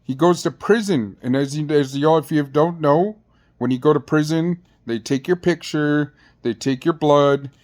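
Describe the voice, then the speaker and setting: A man's voice: on the high side, moderate pace, darkish tone. A man who was once in jail tells a story casually, in slangy, rambling speech with blunt asides and frequent restarts. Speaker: former inmate telling a jail story.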